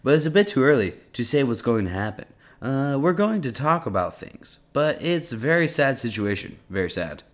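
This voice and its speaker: A man's voice: mid-range voice, sing-song, pitched above the performer's own voice, lightly acted. A man putting on an impression of a blustering male politician, rambling and repeating himself. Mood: pompous. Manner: rambling, repetitive, with drawn-out filler "uh"s.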